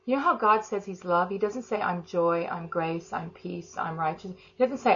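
A woman leading an informal devotional talk and prayer, soft and fervent, rambling with many restarts. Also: fairly low pitch, moderate pace, few pauses, slightly rough. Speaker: prayer and teaching leader. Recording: slightly dull lo-fi sound.

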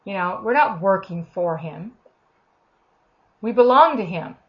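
A woman's voice: mid-range voice, expressive, measured pace, lo-fi sound. A woman giving an informal, earnest sermon, talking conversationally and acting out the voices of the people she quotes. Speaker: preacher.

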